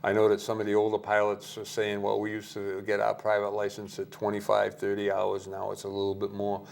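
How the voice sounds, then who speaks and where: A man's voice: fairly low pitch, completely flat delivery, fairly quick, gravelly, a little mellow. A man being interviewed as a guest, giving hesitant, cautious answers full of fillers. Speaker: airport manager, guest.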